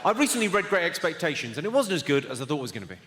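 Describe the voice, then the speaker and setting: Deadpan comic in a big echoey hall. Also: male voice, a little high, very noisy. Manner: deadpan, brisk, teasing the audience. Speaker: stand-up comedian. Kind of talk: stand-up comedy with crowd work. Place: large theatre stage with a live audience. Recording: echoey theatre hall, loud audience.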